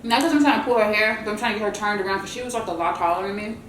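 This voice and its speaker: A woman vlogger tells a story between bites, chatty and animated, and talks to her viewers as y'all. Her voice sits in a mid range. The room adds a noticeable echo, with a faint hum underneath. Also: mid-range voice, rapid-fire. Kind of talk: casual storytelling while eating.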